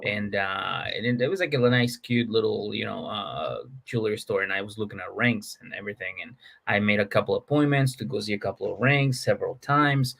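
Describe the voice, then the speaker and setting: A man's voice: lowish voice, fairly quick, creaky, few pauses, fairly bright tone. A man co-hosting a comedy podcast, telling stories in casual chat and acting out the quotes. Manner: jokey storyteller, acts out quotes. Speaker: podcast co-host.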